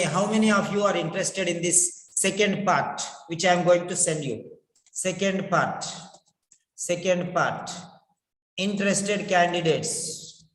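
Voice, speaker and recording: Male pronunciation teacher, high pitch, repeats himself to coax students; echoey room with a long reverb tail. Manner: repeats words and phrases, coaxing students to respond. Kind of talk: online class teaching. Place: in his village.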